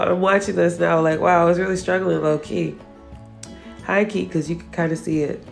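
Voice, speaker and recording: A woman's voice: on the low side, fairly even intonation, moderate pace, gravelly, long pauses, faint music behind. A woman nail artist giving a casual voice-over for her nail art tutorial, chatty and teasing herself about her own mistakes.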